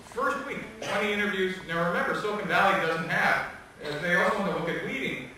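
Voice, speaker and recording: High bright-voiced man lecturing in an echoey hall. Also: brisk, distant mic, a little hiss or hum. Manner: animated, joking, laughs often. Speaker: guest speaker. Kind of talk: lively lecture storytelling.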